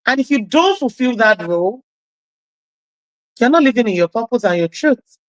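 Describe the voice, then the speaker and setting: Loud, upbeat woman radio host. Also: a little high, lively intonation, moderate pace, no echo, poor audio. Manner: encouraging, chatty, laughs at herself. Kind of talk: radio show talk.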